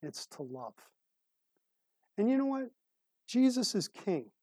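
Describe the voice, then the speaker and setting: A man preaching a sermon as a pastor, telling a story in a conversational way and clearing his throat now and then. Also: high-pitched, big pitch swings, slow pace, mellow, no echo. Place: church service room.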